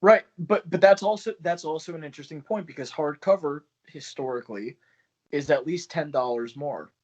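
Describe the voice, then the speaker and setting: A man's voice: on the high side, normal speed. A man who runs a small press, chatting loosely and swearing on a video call, laughing often. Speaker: small press publisher and poet. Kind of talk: casual video call chat. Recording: dull lo-fi call audio.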